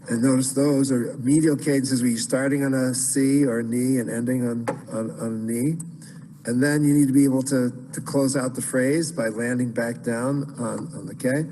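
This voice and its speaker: A man's voice: medium pitch, steady tone, moderate pace, warm tone, long reverb tail, faint music behind, rough recording. A man teaching Byzantine chant in an online class, explaining casually with many fillers and restarts.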